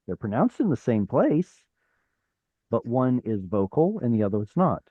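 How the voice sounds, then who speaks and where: A man's voice: medium pitch, very animated, moderate pace, no room sound, phone-quality sound. A man teaching an online Hebrew class, explaining step by step, sounding out letters and correcting himself as he goes. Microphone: video call.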